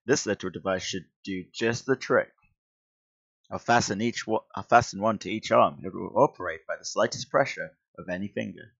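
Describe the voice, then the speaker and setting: Man reading cocky teen science hero, comic-book declaiming, low voice, dull lo-fi audio. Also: normal speed, vocal fry, fairly bright tone, husky, heavily acted. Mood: plotting.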